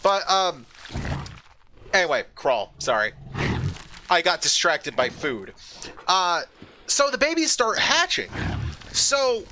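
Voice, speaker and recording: A man streaming a game, chatting casually in a rambling, profane way with excited outbursts. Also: high voice, slow, pauses often, a little hiss or hum. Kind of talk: casual chat while gaming.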